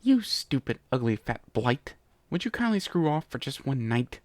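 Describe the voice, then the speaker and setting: A man's voice: mid-range voice, big pitch swings, measured pace, creaky, no room sound. A man reading a pony story aloud and voicing a vain, scheming female changeling queen who hisses and snaps at her rivals. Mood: angry. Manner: hissing, snappish and haughty.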